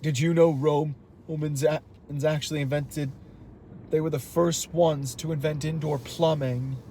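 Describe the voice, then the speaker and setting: A man's voice: on the high side, steady tone, normal speed, mellow. An American man hosting casual chat on a car ride, rambling and laughing often. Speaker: show host. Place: inside a car. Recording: road noise in a car.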